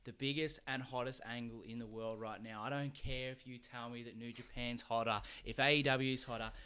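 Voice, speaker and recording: A man with an Australian accent co-hosting a wrestling podcast, chatting in an upbeat, animated way. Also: medium pitch, a little fast, clear, resonant tone. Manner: upbeat, animated, says mate often. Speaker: podcast co-host. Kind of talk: casual chat.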